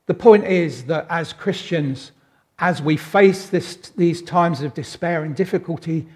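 A middle-aged man preaching a sermon, reflective and unhurried, with wry self-deprecating asides. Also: fairly high pitch, a little mellow.

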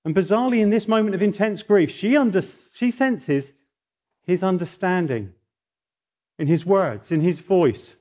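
A middle-aged man preaching a sermon in a fairly high voice. He tells stories with lively swings of pitch and often rises into mock outrage. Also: unhurried. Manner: animated storytelling, voice rising in mock outrage.

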